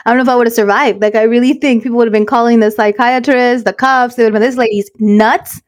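A middle-aged woman co-hosting a podcast in casual chat, telling candid stories quickly and dropping in Spanish words. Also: on the high side, steady tone. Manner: fast, candid storytelling that mixes in Spanish words. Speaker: podcast co-host.

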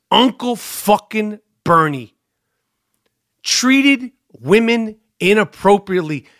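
High-voiced, profane podcast host. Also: male voice, a bit bright. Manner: profane, ranting, joking. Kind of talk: casual podcast commentary.

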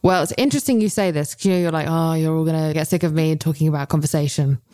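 Low-voiced frank woman co-host. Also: quick pace. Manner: frank and swearing, animated storytelling. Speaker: podcast co-host. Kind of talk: candid casual chat.

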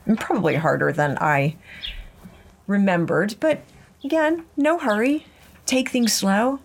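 Brief: middle-aged woman host, gentle reflective storyteller on an outdoor walk. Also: mid-range voice, slight background noise. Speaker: podcast host. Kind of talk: walking podcast monologue. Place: outdoors on a ranch trail.

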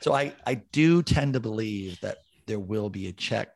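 A man's voice: on the low side, animated, normal speed, creaky. A man hosting a casual sports podcast, joking and swearing offhandedly. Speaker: podcast host.

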